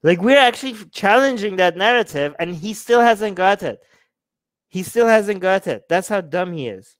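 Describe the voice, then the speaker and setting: A man's voice: high voice, lively intonation, normal speed, no room sound. A man hosting a livestream, mocking and exasperated as he reacts to the live chat. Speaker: livestream host. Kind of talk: livestream commentary.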